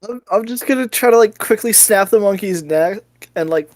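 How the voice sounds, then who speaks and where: A woman's voice: medium pitch, normal speed, darkish tone, no echo. A woman playing a tabletop game, casual and giggly, with lots of filler words and swearing. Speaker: player.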